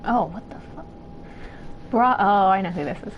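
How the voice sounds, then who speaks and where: A woman streamer giving excitable, swearing, laughing live commentary while she plays. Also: on the high side, a little slow, long pauses, muffled recording, slight background noise. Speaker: game streamer. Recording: game music loud behind voice.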